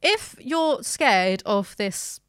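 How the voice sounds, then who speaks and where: A woman's voice: a little high, lively intonation, very slow, a bit bright, clean tone, no echo, studio quality. A woman hosting a podcast, reading headlines aloud and mocking them with sarcastic, swearing asides. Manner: sarcastic, swears, laughs often. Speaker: podcast host.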